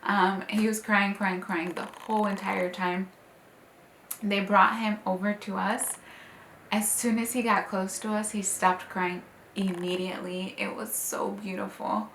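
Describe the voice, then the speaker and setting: Young woman, new mom, casual heartfelt vlog delivery with filler words, medium pitch, recorded in a slightly echoey room. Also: flat delivery, measured pace, a bit bright, a little hiss or hum. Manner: emotional, tender, many "like" and "um" fillers. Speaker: vlogger, new mother. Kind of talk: casual personal storytelling. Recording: slightly roomy with faint ambience.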